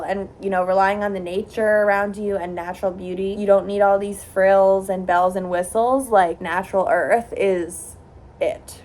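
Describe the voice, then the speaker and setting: A woman's voice: fairly low pitch, darkish tone. A woman in her thirties chatting casually in a vlog, reflective and friendly, at a beach resort. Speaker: vlogger.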